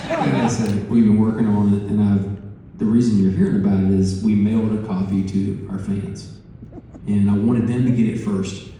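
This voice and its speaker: Man, low voice, mellow tone, animated storytelling, echoey hall from a distance. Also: moderate pace, a little hiss or hum. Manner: animated storyteller acting out phone calls, profane asides. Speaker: musician interviewed on stage. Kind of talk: storytelling interview before a live audience. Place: large conference hall.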